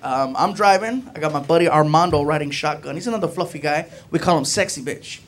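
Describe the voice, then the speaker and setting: Animated high-voiced man telling a story on stage. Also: brisk, a little hiss or hum. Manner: animated, acts out voices of friends with high shouts. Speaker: stand-up comedian. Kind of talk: stand-up storytelling. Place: comedy club stage with audience.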